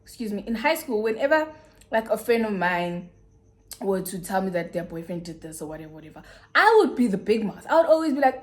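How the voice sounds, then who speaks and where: A young woman with a South African accent, telling a personal story in a casual, animated way with big swings in pitch. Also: quick pace. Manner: animated, dramatic retelling with swooping pitch. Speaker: YouTuber.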